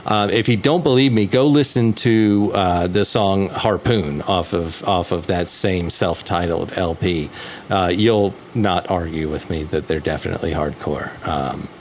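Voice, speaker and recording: A man's voice: sits low, a little slow, slight background noise. A man co-hosting a casual music podcast, joking crudely and swearing often. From Southern California. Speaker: podcast co-host. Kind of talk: casual chat.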